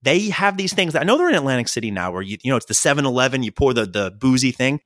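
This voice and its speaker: Lively young male podcast host with a swinging pitch and a dry, close sound. Tells stories casually, jokes and swears. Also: fast talker, dry recording. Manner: animated, jokey, swears freely, acts out quoted voices. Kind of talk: casual storytelling chat.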